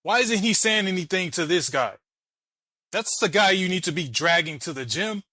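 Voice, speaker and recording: A man's voice: high-pitched, lively intonation, normal speed, sharp tone, no room sound, rough recording. A man hosting a reaction video, arguing and mocking while he explains letter by letter. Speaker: channel host reacting to a debate clip. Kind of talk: argumentative commentary.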